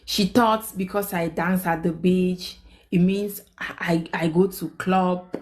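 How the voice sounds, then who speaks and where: A young woman, hosting a live stream and telling a personal story in casual chat. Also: takes it slowly. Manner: animated, quotes people with big pitch jumps.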